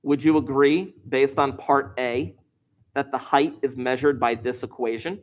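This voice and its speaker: A man's voice: medium pitch, fairly even intonation, measured pace. A man teaching a math lesson to a class, explaining step by step with wry, joking asides.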